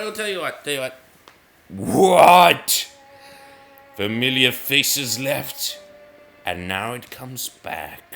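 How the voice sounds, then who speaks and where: A man's voice: mid-range voice, sharp tone. A man rambling through casual, self-mocking commentary while he plays brain-training games. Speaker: gaming video host.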